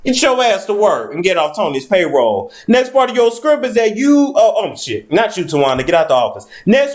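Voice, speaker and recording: A man giving comedic celebrity commentary, scolding as if lecturing in his office, with heavy profanity. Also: high-pitched. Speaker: vlogger.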